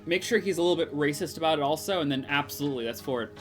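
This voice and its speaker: A woman's voice: low-pitched, very fast, soft background music. A young woman streamer with a runny nose, giving joking, rambling, sarcastic commentary while playing a game. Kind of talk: casual gameplay commentary.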